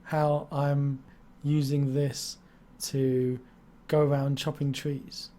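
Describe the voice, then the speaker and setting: A man's voice: medium pitch, flat delivery, slow pace, warm tone. A man hosting a live-stream interview, chatty and jokey, rambling from topic to topic. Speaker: stream host.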